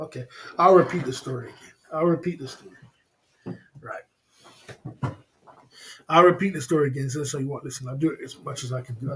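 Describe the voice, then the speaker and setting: A man hosts a livestream. He tells stories in a loose, rambling way. He keeps repeating lines, chuckles and calls out to the people in the chat. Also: on the high side. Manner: rambling, repetitive, chuckles often, talks to the chat. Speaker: livestream host. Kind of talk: casual livestream storytelling.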